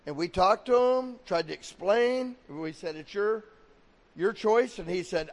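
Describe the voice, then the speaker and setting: A man delivering a sermon as pastor, his voice sitting high for a man. He slips into quoted voices as he preaches, and a long reverb rings behind him in a big hall. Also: expressive, measured pace. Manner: preaching with acted-out quotes of God and people.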